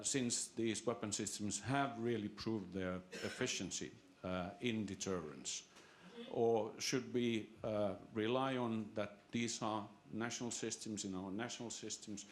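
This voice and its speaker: Halting low-voiced man. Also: slight background noise. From Finland. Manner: halting, many restarts and fillers. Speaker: audience member asking a question. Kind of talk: seminar question from the floor.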